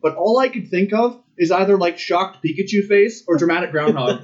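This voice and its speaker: A man in his twenties with a slightly high voice, co-hosting a casual podcast chat. He throws in dry, wry asides and pointed questions. The audio is dull and lo-fi. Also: fairly quick. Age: 20s. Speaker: podcast co-host. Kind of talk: casual chat reviewing a TV episode.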